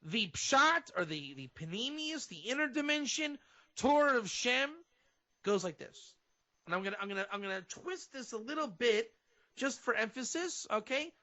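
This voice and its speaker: A man, a rabbi and guest on a radio show, teaching in an animated way and sometimes acting out fervent prayer. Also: very high voice, moderate pace. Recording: dull lo-fi radio audio.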